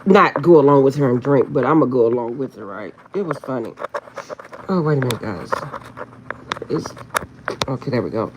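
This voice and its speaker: A woman's voice: very deep voice, expressive, moderate pace, long pauses, darkish tone, a little hiss or hum. A middle-aged woman card reader chatting casually with viewers, laughing often as she tells a story, recorded at home on a phone. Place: at home, indoors.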